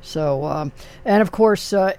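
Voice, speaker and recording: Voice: medium pitch, slow pace, a little mellow. A radio host chatting casually with a caller about old records, rambling and full of fillers and restarts. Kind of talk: casual call-in talk about oldies and jazz.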